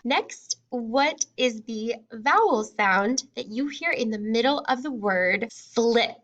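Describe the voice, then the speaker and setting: A woman kindergarten teacher leads a phonics drill at an unhurried pace, her voice sitting a little high. She stretches out each sound and praises the children warmly. The recording sounds muffled and lo-fi. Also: lively intonation. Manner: encouraging, sounds out words slowly and distinctly. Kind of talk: slow, clear phonics lesson for young children.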